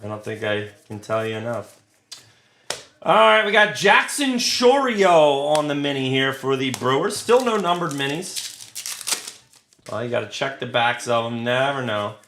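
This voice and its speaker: A man's voice: medium pitch, big pitch swings, measured pace, fairly bright tone. A man hosting a live card break, reading out pulls with crude, joking banter. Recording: roomy with faint noise.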